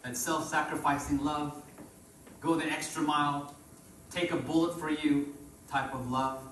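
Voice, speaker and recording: A man's voice: a little high, level tone, unhurried, a bit bright, slight background noise. Preaching man in an echoey church. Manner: call-and-response preaching, rises and drops in volume. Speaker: pastor. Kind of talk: sermon. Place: church sanctuary. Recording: roomy church echo from far off.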